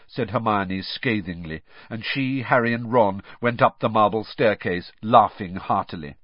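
A man reading a novel aloud as an audiobook narrator in an expressive storytelling manner. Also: lowish voice, moderate pace, few pauses, dry recording. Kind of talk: scripted narration. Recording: dry, slightly muffled.

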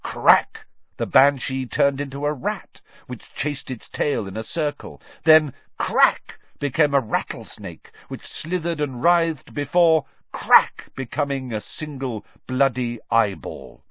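A man reading a story aloud with animated, dramatic narration. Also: mid-range voice, measured pace, hardly any pauses, no room sound, muffled recording. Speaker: audiobook narrator.

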